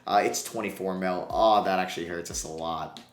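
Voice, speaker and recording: Excitable gaming YouTuber, roomy sound. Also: male voice, low voice, brisk. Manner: swings between groaning pleas and excited shouts. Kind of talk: casual commentary over a basketball sim playthrough. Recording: roomy echo.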